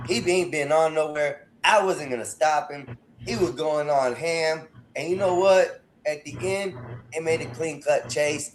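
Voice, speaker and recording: A man's voice: a little high, a little hiss or hum, rough recording. A man hosting a casual panel debate, talking in an emphatic, earnest way about letting everyone have their say. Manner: emphatic, earnest, says listen.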